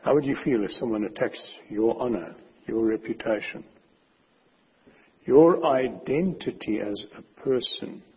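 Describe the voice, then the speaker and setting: A man preaching a sermon with a very husky voice, speaking emphatically and slowing down to stress his warnings. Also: medium pitch, expressive. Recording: dull recording with long hall reverb.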